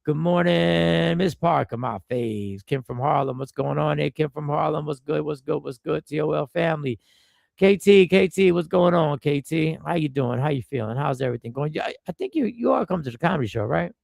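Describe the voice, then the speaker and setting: Gravelly-voiced man hosting a stream with a cold. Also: on the high side, a little fast, dry recording, studio quality. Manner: animated, riffing and repeating himself; greets viewers by name. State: stuffy nose from a cold. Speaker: live stream host. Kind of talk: casual live-stream commentary and chat greetings.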